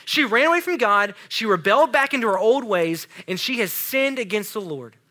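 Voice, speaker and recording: A man preaching a casual, animated sermon to a youth group. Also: sits high, moderate pace. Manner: casual, animated, talks to students with "y'all". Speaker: youth pastor.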